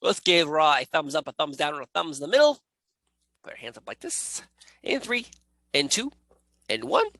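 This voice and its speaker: A man hosting a casual comedic wrestling reaction show, animated and jokey, laughing often as he talks close to the mic. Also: fairly high pitch, normal speed, pauses often, no echo, rough recording.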